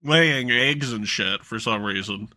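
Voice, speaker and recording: A man's voice: mid-range voice, unhurried, pushed and bright. A man running a tabletop game as game master, joking around and laughing at his own bits. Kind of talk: casual tabletop game narration.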